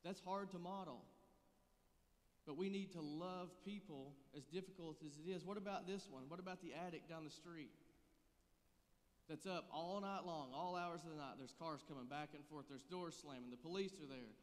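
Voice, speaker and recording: A man's voice: fairly high pitch, normal speed. Conversational man preaching in a hall. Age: 30s. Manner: conversational, joking, rising to earnest intensity. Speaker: pastor. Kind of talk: sermon.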